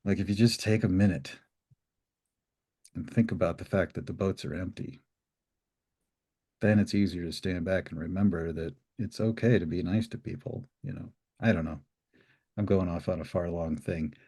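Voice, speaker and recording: Male guest, deep and husky, rambling storyteller. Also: moderate pace, long pauses. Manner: relaxed, rambling, many fillers. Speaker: interview guest. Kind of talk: reflective storytelling.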